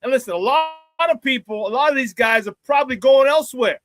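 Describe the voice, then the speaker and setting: A man with a high-pitched voice hosts a loose sports talk stream, chatty and upbeat. He laughs often and repeats phrases for emphasis, and the sound is close and dry. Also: quick pace, fairly bright tone, dry recording. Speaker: sports talk show host. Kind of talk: casual live sports talk, reading viewer chat.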